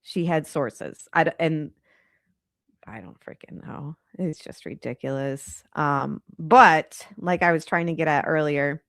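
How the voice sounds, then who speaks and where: A woman's voice: low-pitched, a little slow, fairly bright tone, dry recording, studio quality. A congested woman hosting a true crime channel, talking in a chatty, rambling, exasperated way. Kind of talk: casual commentary on a live stream.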